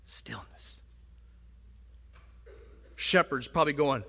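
A man's voice: high voice, expressive, normal speed, a bit bright. A man preaching a sermon in a church, talking conversationally with frequent asides and "right?" checks to the congregation. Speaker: pastor. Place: church sanctuary. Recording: long hall reverb.

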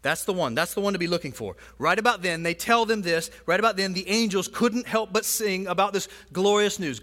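Male pastor, high voice, chatty sermon full of asides, long hall reverb in a church. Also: fairly quick, hardly any pauses, fairly bright tone. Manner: conversational, frequent asides and "right?" tags. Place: church sanctuary.

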